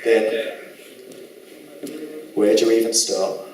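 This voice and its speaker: A man's voice: on the low side, level tone, slow, darkish tone, a little hiss or hum. A man with a Southern English accent giving a live lecture presentation in an indignant, sarcastic, moralizing manner. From England. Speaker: conference speaker. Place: lecture hall. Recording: echoey hall, mic from far off.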